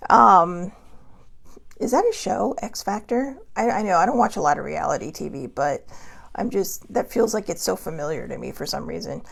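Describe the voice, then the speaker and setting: A woman talks casually as the host of her own show. She rambles from one thought to the next and laughs often. Her mid-pitched voice has a gravelly, creaky texture. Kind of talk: casual talk show monologue.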